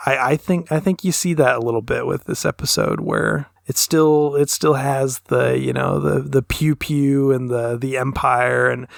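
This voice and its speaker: A man's voice: medium pitch, moderate pace, creaky, few pauses, dry recording, studio quality. A man co-hosting a podcast, talking in a thoughtful, analytical way with long, winding sentences. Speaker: podcast co-host. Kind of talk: casual podcast discussion.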